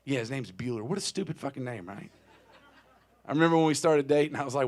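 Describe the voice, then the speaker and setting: A man in his thirties spins a long, wry story between songs, talking casually and swearing freely. His voice sits at an ordinary middle pitch. He is heard through a stage microphone in a small music club. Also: animated, quick pace. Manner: wry, profane, conversational storyteller. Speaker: touring singer-songwriter telling a story on stage. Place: small live music venue.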